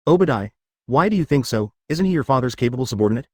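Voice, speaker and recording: A blunt sixteen-year-old schoolboy with superpowers, from a storybook, voiced by a man. He speaks offhand with lively pitch movement. The recording is dry and close. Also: fast talker, breathy edge, no echo.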